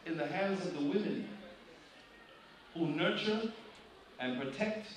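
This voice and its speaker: A man preaching a sermon, addressing the congregation directly with questions in an animated manner. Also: sits high, slow pace, very echoey. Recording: distant mic, loud room ambience.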